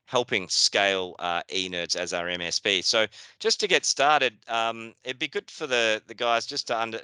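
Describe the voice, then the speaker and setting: Bright, crisp New Zealand man hosting. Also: fairly low pitch, normal speed, no echo. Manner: chatty, with many fillers and restarts. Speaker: webinar host. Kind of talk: casual webinar presentation. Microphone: video call.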